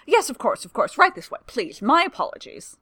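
A woman's voice: sits high, quick pace, no echo, pitched above the performer's own voice. A woman voicing an eager, fumbling young male aide in a storybook reading. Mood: flustered. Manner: fumbling, excitable.

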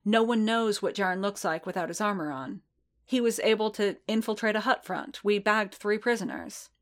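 A woman reading a story aloud and voicing a cool, sharp-tongued female mercenary who talks briskly and bluntly. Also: mid-range voice, natural voice.

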